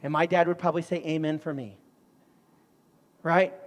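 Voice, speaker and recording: A middle-aged man preaching a sermon, telling stories in an animated way with sudden loud outbursts. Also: a little high, moderate pace. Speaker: pastor. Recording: long hall reverb.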